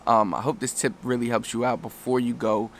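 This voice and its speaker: A man's voice: medium pitch, little pitch movement, fairly quick, slight background noise. A man talking casually to camera as a language coach, loose and rambling, often restarting his sentences and acting out little quoted exchanges. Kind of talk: casual talking-head lesson.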